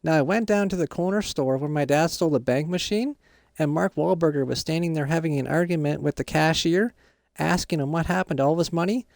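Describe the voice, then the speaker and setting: Excitable guy rambling a silly roleplay story, kinda high voice w gravelly fry, dry mic. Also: a little fast, dry recording. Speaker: roleplay gaming youtuber.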